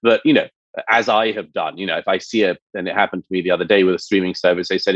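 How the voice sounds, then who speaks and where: A man's voice: low voice, fairly even intonation, fast talker, no echo. A man speaking as an interview guest, reasoning carefully with frequent hesitant restarts. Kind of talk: interview discussion. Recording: slightly dull lo-fi sound.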